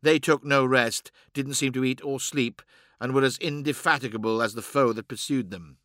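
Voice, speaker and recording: A man reading a fantasy novel aloud in measured, dramatic audiobook narration. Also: medium pitch, fairly bright tone, dry recording, studio quality.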